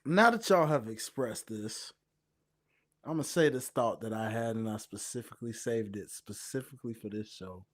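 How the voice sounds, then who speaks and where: A man co-hosting a casual podcast, talking emphatically and stretching out his words when he makes a point. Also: lowish voice. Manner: animated, emphatic, drawn-out rants. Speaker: podcast co-host. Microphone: webcam setup from home.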